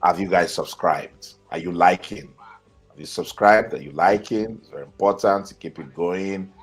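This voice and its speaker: Husky Nigerian man reading fan comments. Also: low voice, moderate pace, soft background music. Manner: chatty, reads comments aloud and reacts. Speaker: football channel host reading viewer comments. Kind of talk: live-stream commentary.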